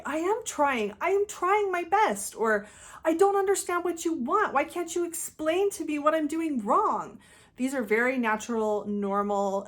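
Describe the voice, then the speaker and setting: Calm earnest woman giving advice. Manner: calm, earnest, acts out quoted pleas in higher voice. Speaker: channel host giving advice. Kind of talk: advice monologue.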